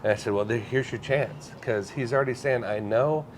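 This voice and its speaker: A man, a psychic medium, telling stories in a relaxed podcast conversation, earnest and sometimes emotional. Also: medium pitch, fairly quick, slight background noise. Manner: storytelling, earnest, gets emotional.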